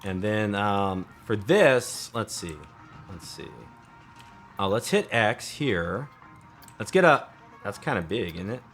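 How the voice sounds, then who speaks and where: A man's voice: fairly low pitch, lively intonation, takes it slowly, a bit bright, faint music behind. A man in his thirties thinking aloud as he builds in a game, casual and chatty. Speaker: let's play host. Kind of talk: casual gameplay commentary.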